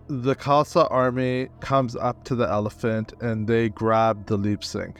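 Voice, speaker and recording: A man's voice: medium pitch, level tone, a little slow, hardly any pauses, faint music behind. A man, a guest historian on a podcast, recounting events in vivid, detailed storytelling with the odd filler.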